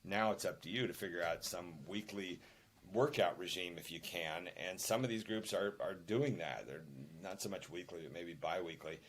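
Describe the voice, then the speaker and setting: Older male guest, very low voice, emphatic anecdotal storyteller. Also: moderate pace, a little hiss or hum. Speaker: podcast guest, author and filmmaker. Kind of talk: conversational interview.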